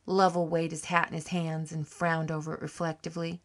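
A woman narrating an audiobook short story in a calm, measured storytelling manner. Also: low voice. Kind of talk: scripted narration.

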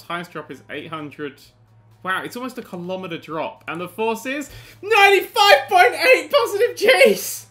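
A man hosting a gaming channel, giving excitable let's-play commentary into a desk mic, laughing and swearing as he plays. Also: on the high side.

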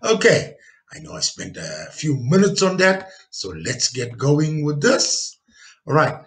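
A man teaching a geography lesson over slides. He checks in often with "okay" and "all right" and pushes key words out loudly. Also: mid-range voice. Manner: stresses key words with sudden loud pushes.

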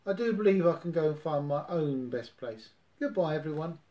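A man voicing a gentle, mild, soft-spoken teddy bear in a storybook reading. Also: a little high, lively intonation, normal speed, close to an everyday voice.

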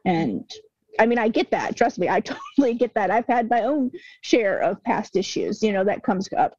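A woman's voice: mid-range voice, lively intonation, normal speed, a little mellow, breathy edge, dry recording. Woman, herbalist guest, earnest, casual interview talk, dry dull recording. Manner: earnest, retells client dialogues.

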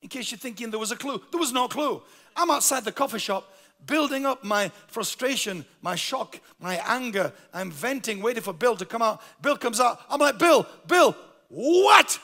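A man's voice: very high-pitched, moderate pace, bright, forceful tone. A man with a Yorkshire accent preaching a sermon, telling a story with emphatic, humorous delivery. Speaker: pastor.

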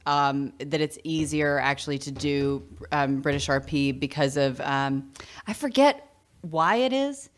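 A woman with a Southern US accent, talking as a guest in a casual interview, chatty and full of laughs and restarts. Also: low voice. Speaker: actor, guest.

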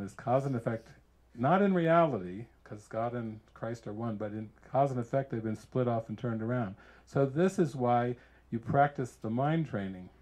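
An American man, a spiritual teacher, giving an informal retreat talk full of lively personal stories, laughing often and acting out what others said. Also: medium pitch. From United States. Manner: animated storyteller who laughs often and acts out quotes.

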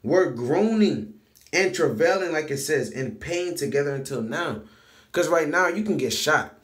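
A man preaching in a casual, emphatic way, repeating phrases for stress and reading verses slowly aloud. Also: a little high, lively intonation, fairly bright tone. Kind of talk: informal scripture teaching.

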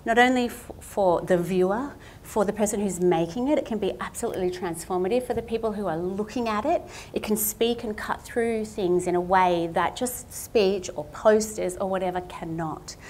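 A woman's voice: mid-range voice, moderate pace, few pauses, a little mellow, slight background noise. A woman giving a public talk as a guest artist, telling her story in a candid, self-deprecating way. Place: talk venue at a justice centre.

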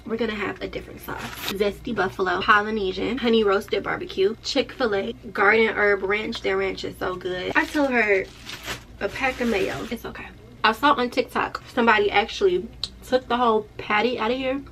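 A woman's voice: medium pitch, steady tone, normal speed, gravelly, a bit bright, a little hiss or hum. A chatty woman vlogging at an easy, loose pace, talking to her viewers like friends. Her voice sits in an ordinary middle range, with faint room ambience behind her. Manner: chatty, loose and playful, talks straight to viewers. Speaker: lash tech vlogger. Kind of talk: casual vlog chat.

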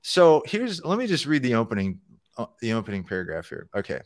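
A man's voice: medium pitch, sing-song, brisk, no room sound, clean studio sound. A man co-hosting a casual live show about programming, talking loosely with many fillers and restarts. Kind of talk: casual live-stream chat.

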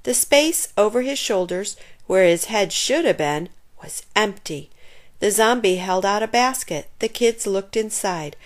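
A woman reading a children's chapter book aloud, narrating expressively and giving the characters lively voices. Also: mid-range voice, measured pace. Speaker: storyteller.

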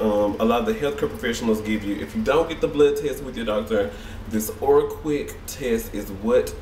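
Recording a casual vlog in his home bathroom, this chatty, nervous, sassy guy in his 20s keeps calling people "girl." His voice sits lowish and a little mellow, with some hiss or hum, a roomy echo, and a mic placed a bit far off.

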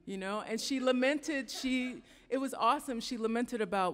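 Earnest woman telling a story in a hall. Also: a little high. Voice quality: reflective, earnest, halting with fillers. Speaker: musician and storyteller. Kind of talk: live storytelling talk. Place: stage in a large hall before an audience. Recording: long hall reverb, live venue.

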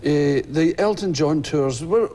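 Scottish guy telling wild stories on a talk show, does all the voices, bit high pitched. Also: a little slow. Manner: animated storyteller, acts out voices and crowd shouts. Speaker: guest comedian. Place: television studio.

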